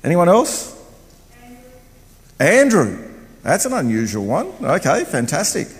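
An older man preaching a sermon in a church, loud and chatty, wandering about as he talks. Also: fairly high pitch, huge pitch swings, moderate pace. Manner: loud, chatty, wanders around while talking. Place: church hall. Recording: long hall reverb.

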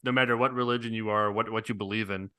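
A man's voice: lowish voice, fairly even intonation, fast, bright, forceful tone, clear, resonant tone, no echo, clean studio sound. A man co-hosting a podcast in casual chat, laid-back and loose, calling his friend dude and man. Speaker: podcast co-host.

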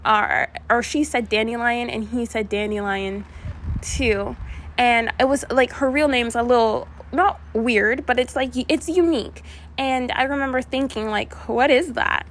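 A woman's voice: a little high, normal speed, fairly bright tone, a little hiss or hum. A young woman vlogger telling a rambling storytime to her viewers, with many asides and restarts. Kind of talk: casual storytime chat.

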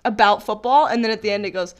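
A young woman co-hosting a casual sports chat, bubbly and excitable, often giggling. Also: mid-range voice, fast talker, highs cut off. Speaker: podcast co-host.

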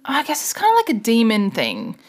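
A woman's voice: on the high side, huge pitch swings, brisk, slightly rough. Aussie woman podcast cohost, rambly storytelling, laughs a lot. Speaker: podcast co-host. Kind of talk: casual chat.

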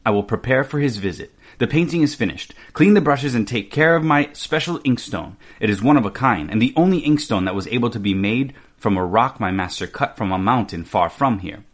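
A man voicing a wise older master painter in a read-aloud storybook, speaking quietly and in a measured way. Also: mid-range voice, animated, close to an everyday voice.

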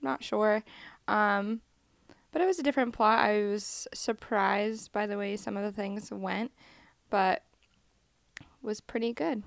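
Woman with a gravelly, dry voice. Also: medium pitch, measured pace, pauses often, no room sound. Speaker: podcast guest. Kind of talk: casual chat about movies.

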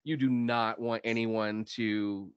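A man from Dallas, hosting a podcast and telling stories with lively quoted voices. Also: lowish voice, slow pace, clear, resonant tone, no room sound, dull audio. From Dallas, Texas. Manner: animated storyteller, acts out quotes. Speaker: podcast host. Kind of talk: casual chat, storytelling.

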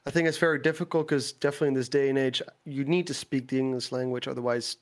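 A man's voice: medium pitch, fairly even intonation, fast. A man from the Netherlands, a native Dutch speaker, chatting on a podcast over an online call. He talks in long, winding explanations with plenty of fillers. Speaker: guest. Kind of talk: casual podcast chat.

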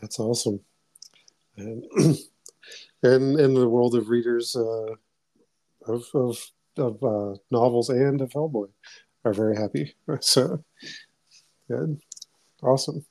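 A man hosts a casual podcast interview with a warm, mellow voice. He sounds eager but halting, and the recording is close and dry. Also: mid-range voice, dry recording. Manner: eager, halting, keeps saying awesome. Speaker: podcast host.

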